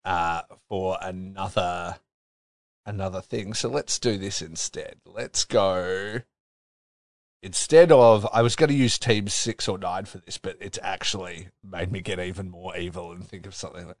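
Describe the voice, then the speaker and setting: A man's voice: low voice, unhurried, no room sound. A man co-hosting a casual wrestling podcast, laughing often and speeding up when he recaps. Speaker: podcast co-host.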